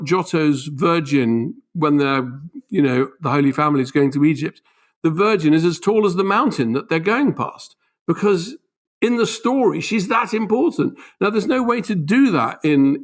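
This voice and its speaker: A man talks as a guest author in a lively, emphatic way, his voice jumping higher to stress a point. He sits fairly high for a man and keeps pressing ahead with restarts and asides. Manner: animated, emphatic, voice leaps up on key points. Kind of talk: conversational explanation.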